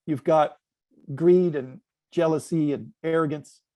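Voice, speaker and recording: A man's voice: on the high side, a little slow, no echo. A man speaking as a guest on a panel, telling an anecdote and drawing lessons from it in a reflective, playful way. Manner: reflective, lively storyteller with playful asides.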